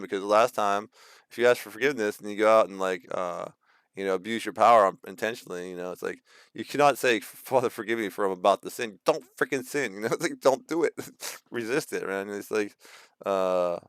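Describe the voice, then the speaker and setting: Male, 30s, rambling casual rant, lots of fillers; low, smooth, dry close sound. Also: fast, fairly bright tone, no echo. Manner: rambling, with many fillers and restarts; acts out quoted voices mockingly. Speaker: video host. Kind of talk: casual ranting monologue.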